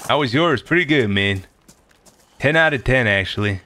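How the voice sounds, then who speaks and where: A man streaming a survival game, talking loud and excitable and swearing often. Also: medium pitch, moderate pace, no echo. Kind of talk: casual gameplay streaming.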